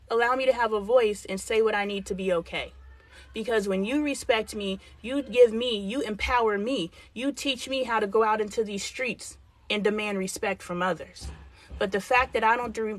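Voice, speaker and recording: A woman's voice: medium pitch, no echo. Middle-aged woman host, frank and blunt, dry close sound, acts out quoted lines. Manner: blunt, frank, with mild swearing; acts out lines of dialogue she is quoting. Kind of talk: live-stream advice talk.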